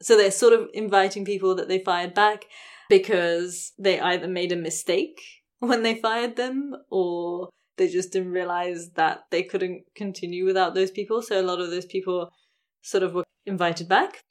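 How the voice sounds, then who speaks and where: A woman's voice: lowish voice, steady tone, moderate pace. A woman hosting a podcast, telling a story in a casual chatty way with frequent laughs and hedges. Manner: chatty, laughs often, many hedges like "sort of". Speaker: podcast host.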